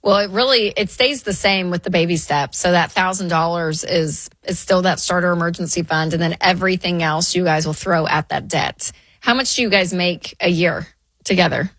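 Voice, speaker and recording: A woman's voice: lowish voice, moderate pace, a bit bright, dry recording. A woman co-hosting a call-in advice show, talking in a plain, encouraging way. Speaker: radio show co-host.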